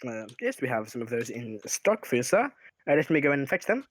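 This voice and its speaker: A man's voice: medium pitch, big pitch swings, fairly quick, no echo. A man voicing a courteous male halfling jeweler, with a shaky attempt at a German accent. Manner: courteous, eager to serve.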